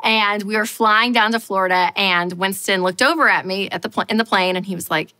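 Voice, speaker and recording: A woman giving a personal finance talk, telling a story in an animated, playful way and repeating lines for effect. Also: mid-range voice, a little fast, hardly any pauses.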